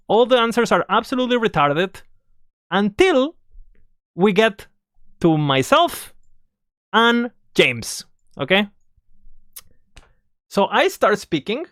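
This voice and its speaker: A storytime vlogger at medium pitch who swears freely and keeps breaking off to speak straight to the viewers. The telling is loose and animated. The sound is dry and close, with no room echo. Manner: animated, swearing, self-interrupting with asides to viewers. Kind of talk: casual storytime.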